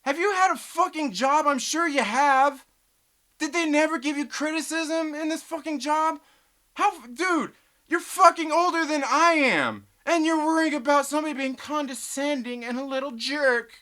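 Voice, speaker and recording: Profane bright-voiced man ranting on stream. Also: very high-pitched, moderate pace. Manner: profane, laughing, reading chat aloud. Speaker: live stream host. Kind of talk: casual live stream rant.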